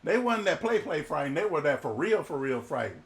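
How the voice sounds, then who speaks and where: A male preacher delivering a humorous, colloquial sermon with animated storytelling. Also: on the high side, brisk, gravelly.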